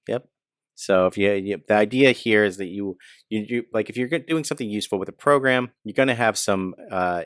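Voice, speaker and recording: Low-voiced man walking through code. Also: no room sound, clean studio sound. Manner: relaxed, chuckles, self-correcting while typing. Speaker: programming instructor. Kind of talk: casual coding walkthrough.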